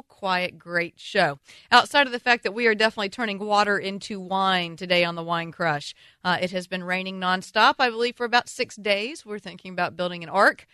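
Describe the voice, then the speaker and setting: A woman's voice: mid-range voice, sharp tone, smooth, dry recording. A woman hosting a radio wine show, bantering playfully and teasing her co-host in the studio.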